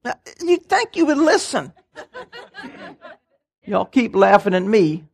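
An older man, preaching a sermon and telling stories in a folksy, animated way. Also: high voice, slow, gravelly. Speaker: pastor.

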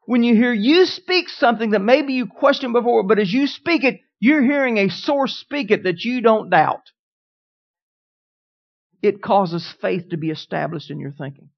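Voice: medium pitch, lively intonation, moderate pace, creaky. A preacher delivering a sermon, who repeats declarations with building emphasis and asks the congregation questions. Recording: dull, lo-fi sound.

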